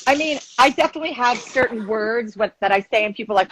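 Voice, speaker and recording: Chatty guest chef from Long Island. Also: female voice, fairly high pitch, fast talker, slight background noise, low-quality recording. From Long Island, New York. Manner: chatty, relaxed, lots of "like" fillers. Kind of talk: casual cooking demonstration. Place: home kitchen.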